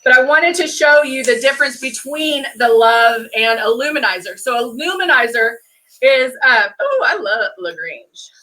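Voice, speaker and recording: A woman's voice: high-pitched, expressive, moderate pace, pushed and bright. A middle-aged woman hosting a makeup live stream, chatting casually as she works and greeting viewers by name. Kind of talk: casual demo chat.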